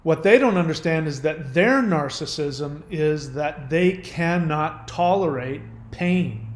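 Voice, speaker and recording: Earnest man explaining, echoey room. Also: on the high side. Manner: earnest, explanatory, acts out quoted voices. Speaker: channel host. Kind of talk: unscripted talk to camera.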